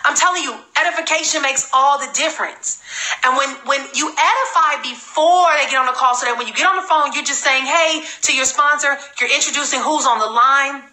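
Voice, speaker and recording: A woman giving an energetic, emphatic live-streamed sales training talk as a network marketing trainer. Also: high voice, brisk, echoey room, poor audio. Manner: energetic, emphatic, repeats for stress.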